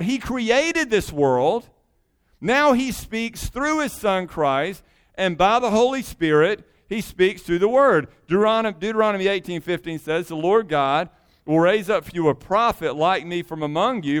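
A man's voice: high voice, expressive, moderate pace, smooth. A man preaching a sermon in a conversational way, with emphatic asides. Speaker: pastor.

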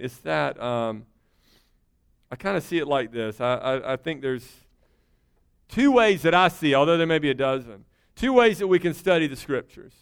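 A middle-aged pastor preaches a sermon in an earnest, conversational manner, climbing to emphatic high points. His voice sits a little high for a man. It sounds smooth and resonant.

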